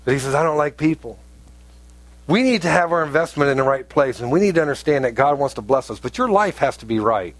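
A pastor preaching a conversational sermon, telling stories and rising to emphatic outbursts. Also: male voice, mid-range voice, lively intonation, quick pace, dry recording.

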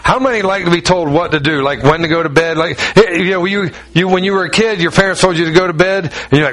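A middle-aged man preaching a sermon in a fairly high-pitched voice. He drives his points home through repetition and acts out the lines he quotes, shifting between reading and conversational preaching. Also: animated, fast, hardly any pauses, fairly bright tone, rough recording. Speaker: pastor.

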